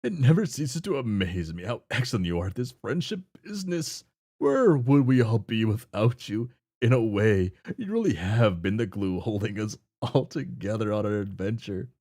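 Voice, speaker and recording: A man's voice: on the low side, sing-song, normal speed, dark tone, pitched below the performer's own voice. A man voicing a cheerful, clueless young man who talks in folksy old-fashioned slang while reading a webcomic aloud. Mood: chummy. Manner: folksy, upbeat, oblivious.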